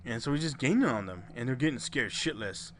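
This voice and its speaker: A man's voice: medium pitch, expressive, brisk, a little hiss or hum. Casual swearing male podcast storyteller. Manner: swearing, rambling retelling of a listener's story with restarts. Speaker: podcast co-host.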